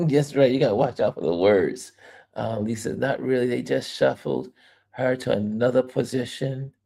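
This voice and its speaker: With a mid-range, gravelly voice and a slightly slow delivery, this livestream host chats casually and animatedly. He reads the chat out loud and laughs a lot.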